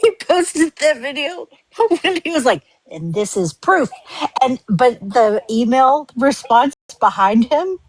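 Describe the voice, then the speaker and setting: A woman's voice: sits high, animated, slow, low-quality recording. A woman on a livestream, telling a story with frequent laughter. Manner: giggly, laughs while telling stories. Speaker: livestream guest. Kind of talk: casual chat.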